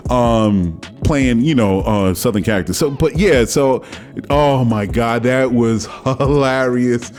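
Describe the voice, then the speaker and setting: A man hosting his own podcast, talking casually and excitedly, often breaking into laughter and exclaiming. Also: medium pitch, unhurried, faint music behind. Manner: animated, laughs a lot, exclamatory. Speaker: podcast host. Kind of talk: casual solo commentary.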